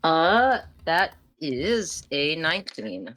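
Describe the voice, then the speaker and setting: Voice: medium pitch, very animated, extremely slow, a bit bright. A player in a tabletop game, chatting playfully.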